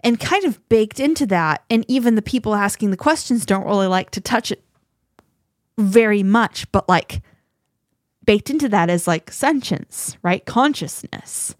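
Woman podcast cohost, chatty and animated, keeps restarting, dry close mic, mid pitch. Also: a little slow, no echo. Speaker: podcast co-host. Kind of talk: casual conversation.

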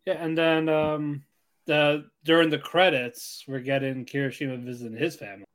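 A man's voice: a little high, level tone, moderate pace. A man co-hosting a casual anime podcast, adding short comments. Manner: brief interjections and short comments. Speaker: podcast co-host.

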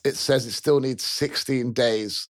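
A game master narrates a tabletop game at a middle pitch, in a loose and rambling way. The narration is often broken by laughter. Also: steady tone, a little slow.

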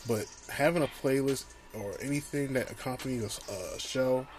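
A man co-hosting a podcast, talking in casual chat that breaks into loud, profane rants with laughter. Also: medium pitch, moderate pace. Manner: animated, profane ranting with laughs. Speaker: podcast co-host. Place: small home studio.

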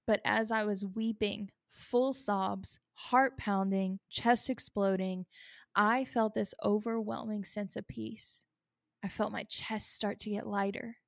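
Woman podcaster opening up about her struggles, earnest and teary, flat-ish delivery, dry close sound. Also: mid-range voice, no room sound. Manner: earnest and confessional, near tears at times. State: emotional, holding back tears. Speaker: podcast host. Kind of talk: personal faith podcast talk.

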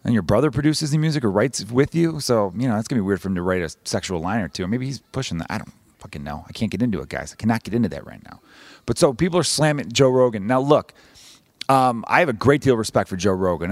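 A man's voice: on the low side, no echo. A man hosting a podcast, talking in a casual, rambling, wry comedic monologue full of swearing. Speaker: podcast host.

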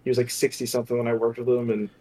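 A man co-hosting a podcast who tells a funny story in an animated, casual way. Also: mid-range voice, rapid-fire. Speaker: co-host.

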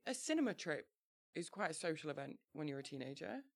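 A woman co-hosting a casual chat, reading from her old teenage diary with lively, laughing energy. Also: low-pitched, fast, no echo, clean studio sound. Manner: animated, laughs easily, reads aloud in bursts.

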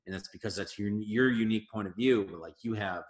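A man, a comedian guest on a casual podcast interview, talking in an animated, emphatic way. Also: lowish voice, fast, echoey room. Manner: animated, emphatic advice-giving.

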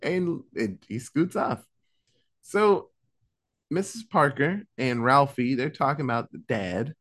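A young man with a medium-pitched voice hosts a podcast, casually recapping a film's plot. He's animated and profane, swearing often and acting out the characters in quick asides as he retells the story.

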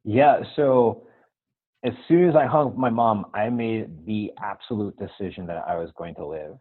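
Husky low-voiced man telling his story. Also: moderate pace, dry recording, narrow, tinny audio. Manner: earnest storyteller, acts out dialogue, says "right?" often. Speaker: guest.

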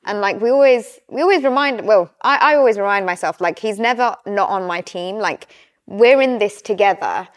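Young woman chatting openly on a podcast, lively and candid, average-pitched voice. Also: normal speed. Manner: candid, animated, quotes herself and her partner in playacted voices. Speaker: podcast guest. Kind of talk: casual chat.

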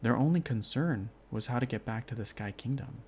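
Calm man telling a bedtime story. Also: mid-range voice, brisk, husky. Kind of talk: children's bedtime story narration.

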